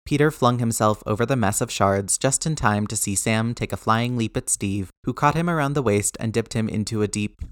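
A man narrating fiction aloud in a lively, expressive reading. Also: lowish voice, normal speed, few pauses, dry recording, clean studio sound.

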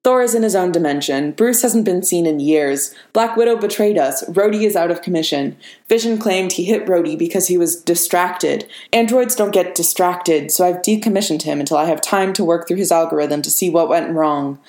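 A woman's voice: fairly low pitch, moderate pace, few pauses, a little mellow, natural voice. A woman voicing a brash middle-aged male inventor who talks sarcastically and dismissively. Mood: sarcastic. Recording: echoey room.

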